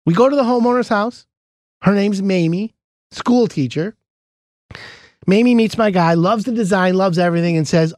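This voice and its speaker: A man's voice: sits high, normal speed, long pauses, dry recording, clean studio sound. A man hosting a casual chat, telling a story about a contracting job and acting out the quoted lines. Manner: animated, acts out quoted dialogue. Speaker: podcast host, home contractor.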